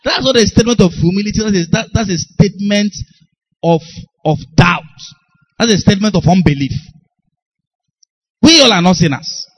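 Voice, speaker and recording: A man's voice: high-pitched, fairly quick, rough recording. A man preaching a sermon, emphatic and repetitive, often calling out to his congregation. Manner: emphatic, repeats phrases, calls out to congregation.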